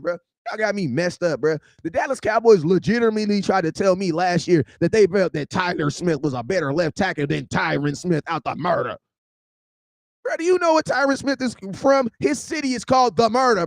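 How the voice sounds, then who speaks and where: Man fronting a fan vlog, high voice, dry close sound, slangy and animated. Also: no room sound. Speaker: sports vlog host. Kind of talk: casual unscripted rant.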